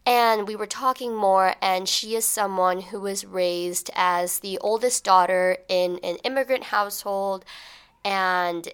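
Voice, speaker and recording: A young woman hosts a solo podcast in a casual, chatty manner, full of fillers and acted-out examples. Her voice is bright, smooth and clear, with an animated delivery. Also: mid-range voice, measured pace. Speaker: podcast host.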